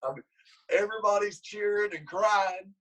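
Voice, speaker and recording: A higher-sitting male voice at normal speed, captured on poor audio. The speaker is a wrestling coach recounting a long story for an interview, rambling with frequent restarts and brightening up when he performs quoted lines.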